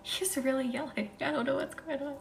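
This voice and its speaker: A woman leading a live energy-healing session, calmly guiding affirmations, slipping into soft whispers and chatting with viewers from home. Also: high-pitched, fairly quick, vocal fry. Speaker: Reiki healer. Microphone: phone on a live stream. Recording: music playing behind.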